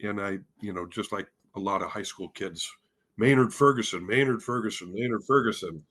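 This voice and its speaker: A man's voice: lowish voice, normal speed, a bit bright. A man from Spokane, Washington, a head of bands, telling his story in a casual interview, rambling and self-deprecating, with many fillers and restarts. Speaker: guest, head of bands at a music school.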